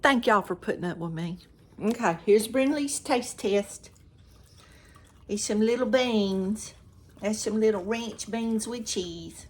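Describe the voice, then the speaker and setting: Older lady cooking in her kitchen, talks real slow and chatty to the camera, mid pitch. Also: breathy edge. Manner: chatty, talks straight to viewers, eats on camera. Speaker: home cooking vlogger. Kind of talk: casual cooking vlog.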